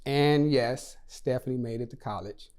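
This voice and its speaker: A man's voice: medium pitch, normal speed, darkish tone, clean tone. A man speaking for a charity, telling a personal story in a prepared talk, earnestly, his voice rising and dropping for emphasis.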